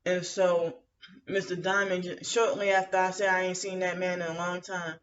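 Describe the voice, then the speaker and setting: A woman's voice: lowish voice, little pitch movement, normal speed, slight background noise. A woman venting in a rambling, aggrieved monologue, full of fillers and restarts. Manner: aggrieved, indignant. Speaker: vlogger. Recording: muffled lo-fi audio from some distance to the mic.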